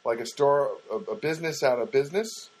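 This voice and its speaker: A man's voice: medium pitch, brisk, poor audio. A man telling a rambling, casual story about his week, with frequent restarts.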